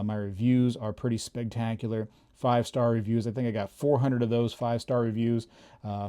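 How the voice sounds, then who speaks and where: A man's voice: mid-range voice, warm tone. A man hosting his own coin channel, chatting casually to camera with lots of fillers and emphatic warnings. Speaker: YouTube coin and bullion channel host.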